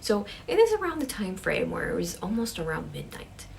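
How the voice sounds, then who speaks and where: Gravelly-voiced woman storyteller, casual, slips into whispers for suspense. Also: fairly low pitch, wildly swooping pitch, normal speed, a little hiss or hum. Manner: drops to a whisper for suspense, chatty fillers. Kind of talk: casual ghost-story telling.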